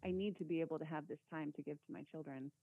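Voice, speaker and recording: A woman's voice: sits low, fairly even intonation, fast talker, husky, dry recording. A woman in her forties, a podcast guest, chatting reflectively about her children. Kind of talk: casual chat. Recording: tinny phone-like line.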